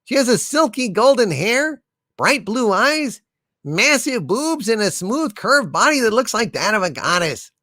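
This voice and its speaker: Lively, bright-voiced streamer telling jokes. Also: male voice, extremely high pitch, unhurried, no room sound, clean studio sound. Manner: playful, theatrical joke telling. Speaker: livestream comedy host. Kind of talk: casual livestream chat.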